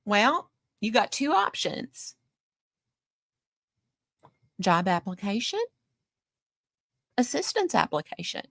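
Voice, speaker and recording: A woman hosts a commentary show in a mocking, lecturing tone. Her voice sits at an ordinary pitch. The sound is dry and close, with no room around it. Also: sing-song, takes it slowly, gravelly, pauses often, a bit bright, dry recording. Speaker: commentary host. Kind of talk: commentary on streamer clips.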